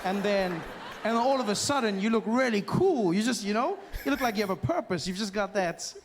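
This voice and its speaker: A man from Africa performing stand-up comedy, animated and mimicking voices, recorded live on stage. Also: sits high, a little fast, big-room sound, noisy background. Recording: live show with loud crowd. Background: audience laughter.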